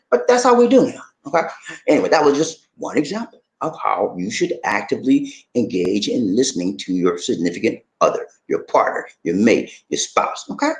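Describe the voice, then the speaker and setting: Animated man telling advice stories. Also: fairly quick, roomy sound. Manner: animated storytelling with swooping pitch. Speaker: relationship video host. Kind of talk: casual advice talk.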